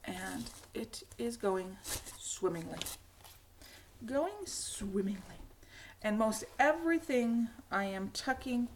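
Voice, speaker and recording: A middle-aged woman with a hoarse, cracky voice, hosting a knitting podcast in a rambling, casual chat with frequent laughs. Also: on the high side, big pitch swings, slow pace, slight background noise. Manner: chatty, rambling, laughs often. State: hoarse, frog in throat.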